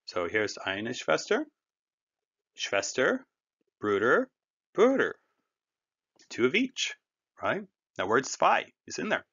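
Male teacher, encouraging, slow and lively in pitch, dull lo-fi sound. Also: gravelly, breathy edge. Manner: slow, patient explaining with drawn-out German words; friendly and encouraging, addresses learners directly. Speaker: German language teacher. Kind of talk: recorded language lesson.

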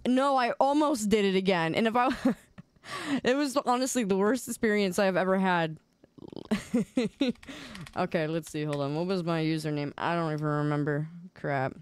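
A young adult woman streamer chatting casually on a live stream, playful and excitable, quick to laugh. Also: medium pitch, clear, resonant tone. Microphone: desk microphone.

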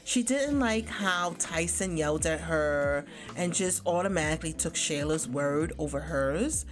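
A woman chatting her way through a life-sim let's play, animated and quick to laugh. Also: sits low, background noise. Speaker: gaming YouTuber. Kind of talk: casual let's play commentary.

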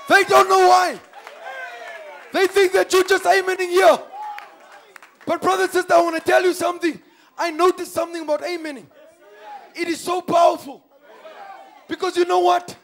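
A man preaching a sermon in a church, swinging between hushed asides and shouted, impassioned lines and calling out questions to the congregation. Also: extremely high pitch, slight background noise. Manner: calls to the congregation with repeated questions.

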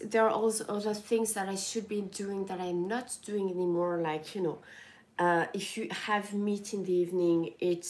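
A young woman chatting casually to her viewers in a groggy morning voice, halting and restarting often. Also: medium pitch, a little mellow. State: sleepy morning voice. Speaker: lifestyle livestreamer.

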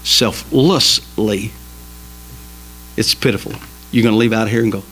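A man preaching a sermon in a small church, emphatic and folksy, swinging between loud exhortation and quiet asides. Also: fairly low pitch, measured pace, slight background noise, poor audio. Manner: folksy, jokes with the congregation. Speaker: pastor.

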